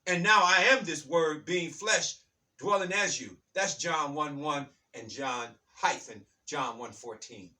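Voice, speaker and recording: A man with a bright, slightly high voice speaks an emphatic, repetitive spiritual monologue. He keeps circling back to his points and calls his listeners "baby". His voice sits a little back from the microphone. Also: distant mic. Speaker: channel host.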